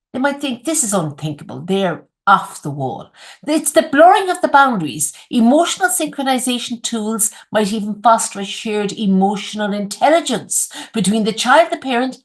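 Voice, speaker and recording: A woman hosting an interview podcast, asking rhetorical questions and reading passages aloud in a measured, expressive way. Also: a little high. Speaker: podcast host.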